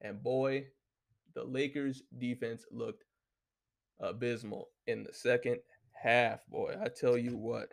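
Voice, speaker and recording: A man's voice: medium pitch, level tone, takes it slowly, gravelly. A man hosting a solo talk show, ranting casually and heatedly with constant swearing and lots of filler words. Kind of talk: casual profane rant.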